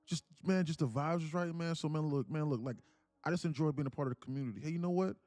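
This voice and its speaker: This young trading livestream host talks fast in a high-side, slightly mellow voice. Earnest and repetitive, he reads chat messages out and addresses viewers as "man" and "bro" in casual motivational talk. The recording is dry, with soft music in the background.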